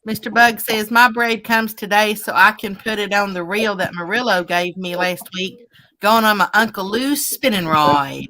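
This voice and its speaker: A woman's voice: medium pitch, moderate pace, bright, forceful tone. A woman co-hosting a live stream, chatting casually and greeting viewers by name as she reads their comments. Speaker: live stream co-host reading chat. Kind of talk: casual chat.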